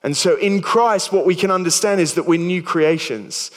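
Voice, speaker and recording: A man's voice: high voice, normal speed, big-room sound. A man in his thirties with an Australian accent, preaching a sermon in a chatty, stumbling way with self-deprecating jokes. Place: church hall.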